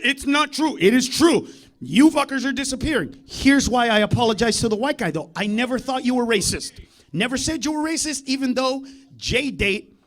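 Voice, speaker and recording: A man with a strikingly high voice works a comedy club stage on a handheld mic. He is loud, foul-mouthed and combative with the audience, swinging between hushed asides and full-throated shouting. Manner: loud, profane, confrontational with the crowd, swings from low mutter to shouting. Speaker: stand-up comedian. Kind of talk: live stand-up routine.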